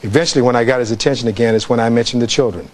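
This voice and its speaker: A man's voice: mid-range voice, very fast, darkish tone. A man, a defense attorney, giving a closing argument in a courtroom, reading testimony aloud and putting rhetorical questions to the jury.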